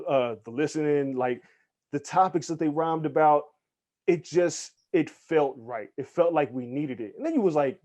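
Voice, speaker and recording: A man guesting on a podcast interview, telling stories in an animated, casual way, acting out the people he quotes and swearing freely. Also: fairly high pitch, moderate pace, muffled recording. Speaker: guest, hip hop journalist.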